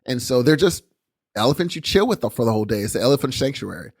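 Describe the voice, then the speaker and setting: A male podcast co-host with a mid-range, fast voice and a breathy edge tells animated stories in casual chat, acting out his own thoughts as quoted asides. The remote call recording has no echo and clean studio sound.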